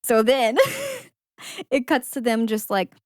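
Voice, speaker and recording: A woman's voice: a little high, fairly even intonation, takes it slowly, darkish tone, no echo, studio quality. A young woman co-hosting a podcast, chatting through a movie's scenes and quoting the characters. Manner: chatty, plays out scenes with quoted lines. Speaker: podcast co-host. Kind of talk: casual movie recap chat.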